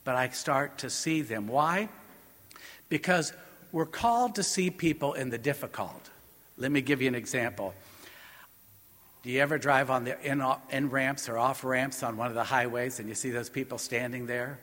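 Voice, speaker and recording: A man's voice: mid-range voice, normal speed, fairly bright tone. A middle-aged male priest giving a sermon, telling a story in a conversational preaching style. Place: church. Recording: long church reverb.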